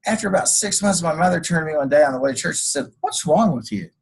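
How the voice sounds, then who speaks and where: A man's voice: on the high side, rapid-fire, vocal fry, slightly rough, rough recording. A man teaching a class over a screencast, walking through code and drifting into folksy personal stories. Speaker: college instructor. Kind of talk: screencast lecture.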